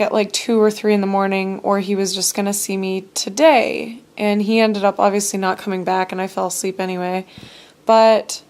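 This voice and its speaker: A woman's voice: mid-range voice, a little mellow. A young woman telling a casual personal story to camera, rambling and full of fillers. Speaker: vlogger.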